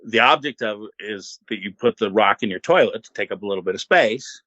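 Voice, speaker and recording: Older ex-radio guy spinning stories, bright forceful voice, kinda muffled dry sound. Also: on the low side, brisk, no room sound. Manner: animated, laid-back storyteller who acts out quotes. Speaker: interview guest, former radio host. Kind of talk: casual storytelling.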